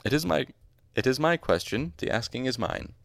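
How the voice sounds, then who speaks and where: A man reading aloud, voicing a gruff, burly bearded male master craftsman who speaks bluntly and irritably. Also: medium pitch, expressive, normal speed, no room sound. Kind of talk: audiobook reading with voices.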